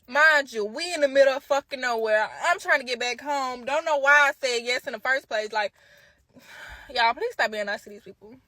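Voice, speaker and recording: Bright-voiced woman telling a wild story. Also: high-pitched, moderate pace, no echo. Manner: animated, profane, talks straight to viewers. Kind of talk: casual storytime.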